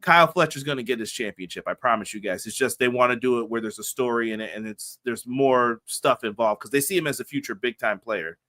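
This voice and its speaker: Young male podcast co-host, bright and lively, chatty, acts out what people said. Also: medium pitch, quick pace, hardly any pauses. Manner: animated storyteller, acts out quoted dialogue. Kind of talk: casual chat.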